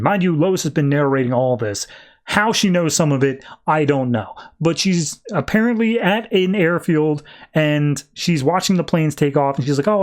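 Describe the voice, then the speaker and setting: A man hosting a podcast, recapping comics in a rambling, slangy way and acting out the characters' lines. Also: a little high. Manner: rambling, slangy, acts out quotes. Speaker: podcast host. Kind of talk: casual comic book recap.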